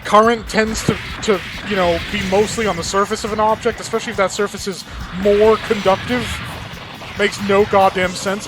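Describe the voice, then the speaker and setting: A man with a fairly high voice for his sex gives rambling, profane let's-play commentary. Game music plays clearly under his talk the whole time. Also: flat delivery, normal speed, low-quality recording. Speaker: gaming channel host.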